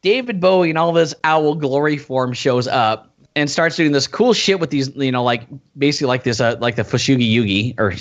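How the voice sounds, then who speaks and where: A man co-hosting a casual podcast, retelling scenes in an animated way and acting out the characters' lines. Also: mid-range voice, a little fast, few pauses, lo-fi sound. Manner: animated storyteller, acts out quotes. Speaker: podcast co-host.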